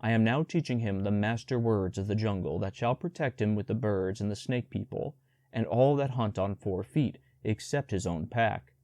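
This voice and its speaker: Baloo is an old, gruff male bear from a storybook, lecturing slowly and earnestly, as a male reader puts him on. His voice sits low and mellow. The recording is dry and close. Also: no room sound, natural voice. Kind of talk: storybook audiobook reading.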